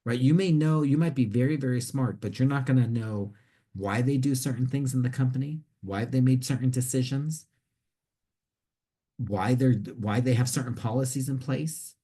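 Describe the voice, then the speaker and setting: A man's voice: medium pitch, moderate pace, warm tone, breathy edge. A man giving career advice to students in a conversational way, often restarting and repeating words as he explains. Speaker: career coach. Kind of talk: instructional talk to students.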